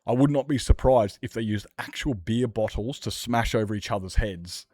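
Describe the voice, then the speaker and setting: An Australian man streaming a game, chatting casually in a rambling, sweary, animated way. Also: on the low side, moderate pace, dry recording, studio quality. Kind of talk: casual chat while gaming.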